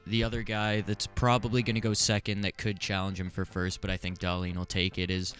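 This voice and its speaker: A man giving steady, informed hockey analysis on a casual sports talk show. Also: sits low, brisk. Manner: steady informed analysis, some stammered starts. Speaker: hockey panelist.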